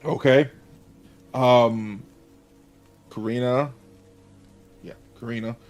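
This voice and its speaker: Man, tabletop player, mid pitch, rambling casual chat, lots of fillers. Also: steady tone, takes it slowly, darkish tone, faint music behind.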